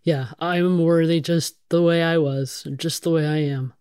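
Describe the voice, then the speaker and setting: A woman's voice: low-pitched, steady tone, unhurried, dark tone, clean tone, no room sound, studio quality. A middle-aged woman, a firefighter, telling her story frankly in an interview, swearing casually and restarting her sentences often. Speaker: guest, firefighter.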